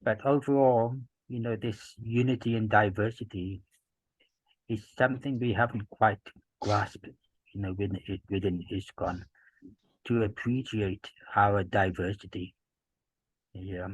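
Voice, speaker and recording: A man in his fifties from Gloucester in England, a podcast guest talking in a measured, reflective way with many "you know"s, through earpieces. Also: lowish voice, fairly even intonation, slightly rough, no echo, poor audio. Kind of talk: casual interview chat.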